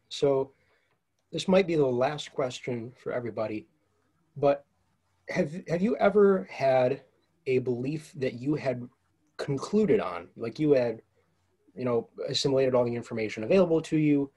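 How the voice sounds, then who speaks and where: A man's voice: mid-range voice, mellow, slightly rough. A young man moderating a student podcast, posing long, carefully phrased questions. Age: young adult. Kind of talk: casual podcast discussion.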